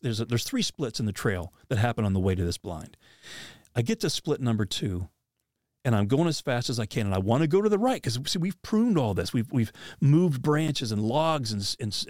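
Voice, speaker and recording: A man's voice: mid-range voice, dry recording, studio quality. Man animatedly telling a hunting story. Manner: animated, with many restarts and acted quotes. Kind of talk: casual storytelling.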